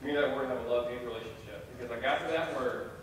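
A young man telling a self-deprecating, animated story as a chapel speaker. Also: medium pitch, rapid-fire, slight background noise. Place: large hall. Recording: echoey hall from far off.

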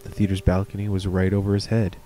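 A man's voice: low-pitched, completely flat delivery, quick pace, mellow, faint music behind. A man reading a horror story aloud, with casual, chatty asides. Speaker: reader of stories.

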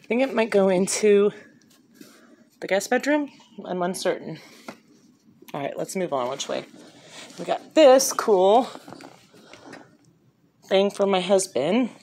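A woman's voice: mid-range voice, animated, takes it slowly, pauses often, a little mellow, slight background noise. Chatty woman showing a haul. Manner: chatty, upbeat, reads off prices. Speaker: vlogger showing a shopping haul. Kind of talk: casual haul video chat. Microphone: handheld phone.

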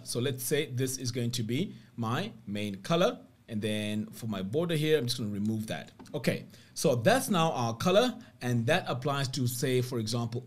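A man narrating a screen-recorded web design tutorial step by step, upbeat about what the features do. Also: medium pitch.

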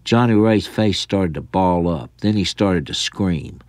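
A man's voice: sits low, unhurried, darkish tone, no echo. A man from the South, reading his own short story in a dry, wry storytelling manner. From American South. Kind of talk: storytelling narration.

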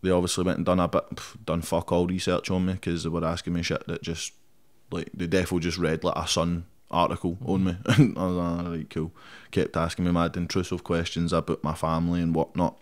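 A man's voice: low-pitched, completely flat delivery, brisk. A young Scottish man, a rapper guest in a casual interview, blunt and sweary, tossing "mate" into nearly every sentence. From Scotland.

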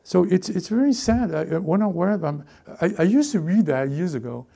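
A man preaching a lively sermon as pastor, often repeating himself and acting out what people say. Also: high-pitched, moderate pace, creaky, husky. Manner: animated, repeats words, acts out characters. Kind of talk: lively sermon with acted-out voices.

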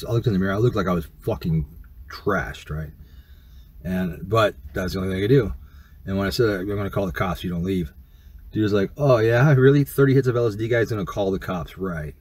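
A man's voice: deep voice, husky. A man telling a personal story in a casual, rambling, profane way, full of fillers and restarts.

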